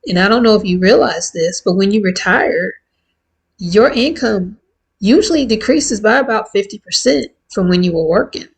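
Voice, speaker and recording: A woman in her fifties talking candidly and warmly to her viewers in a casual, heartfelt vlog. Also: medium pitch, expressive, normal speed, gravelly, breathy edge, low-quality recording. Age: 50s. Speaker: vlogger. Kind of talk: casual chat to camera.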